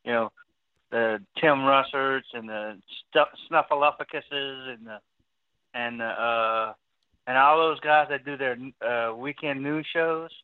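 A man's voice: medium pitch, clear, resonant tone, no room sound. Man calling in over a tinny phone line. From Louisiana. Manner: rambling, repeats himself, trails off. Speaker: caller. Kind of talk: casual talk radio call.

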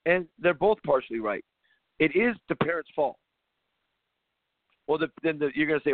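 A man who coaches basketball hosts a loose, emphatic monologue, often circling back and restarting his sentences. His voice is rough and gravelly. It comes through a thin, phone-like line with a dry, close sound. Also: on the high side, normal speed, pauses often, dry recording. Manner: rambling, emphatic, frequent restarts. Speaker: basketball coach and show host. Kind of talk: casual monologue.

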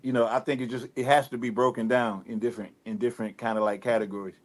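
Man, Detroit accent, relaxed, rambling, lots of fillers, interview guest. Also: medium pitch, fast. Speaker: rapper guest. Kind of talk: casual interview talk.

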